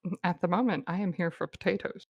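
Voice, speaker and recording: Woman doing a shy stammering goblin ranger girl, gravelly and dry. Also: lowish voice, fairly even intonation, fast, no echo, muffled recording. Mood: polite, halting. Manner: hesitant, stammering.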